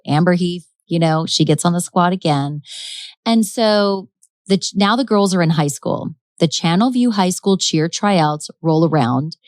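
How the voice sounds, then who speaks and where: A podcast host tells a true-crime story in a chatty, dramatic style, laughing often. Her voice sits on the low side with a darkish tone, and the recording has no echo.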